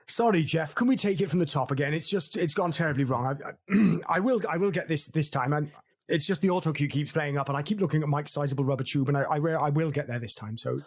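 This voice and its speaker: A man's voice: on the high side, fast talker. A man voicing a bumbling 1970s TV science presenter who stammers and apologises in an improvised comedy sketch. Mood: flustered. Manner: stammering, apologetic, formal announcer tone.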